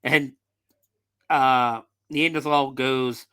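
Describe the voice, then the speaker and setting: A man's voice: medium pitch, steady tone, drawn-out words, pushed and bright, smooth. A man hosting a podcast, recapping a film in casual, profane storytelling with loose fillers. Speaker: podcast host.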